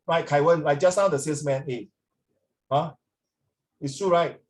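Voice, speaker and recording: A man with a Singaporean accent who teaches in a loose, conversational way, sitting a little high in his pitch. He drifts between English and Mandarin and keeps asking his students whether they agree. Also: normal speed, poor audio. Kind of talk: casual classroom talk to students.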